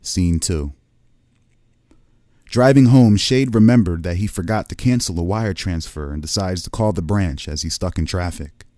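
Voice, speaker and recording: A man's voice: sits low, moderate pace, dark tone, dry recording, studio quality. A man narrating a tabletop game as game master, describing each scene like a camera at work. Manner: cinematic, descriptive scene-setting.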